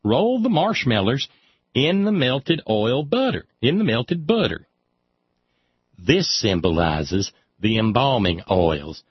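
A man's voice: medium pitch, very animated, slow pace, breathy edge, dry recording. A man reading aloud in a sardonic comic style, with wry, mock-solemn asides. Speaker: comic reader. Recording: dry, slightly dull lo-fi sound.

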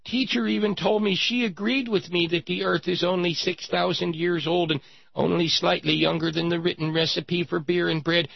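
A man's voice: level tone, moderate pace, creaky, slightly rough, no room sound, dull audio, full character voice. A man doing a whiny, tearful little girl. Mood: whiny tattling. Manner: high, wailing, tattling.

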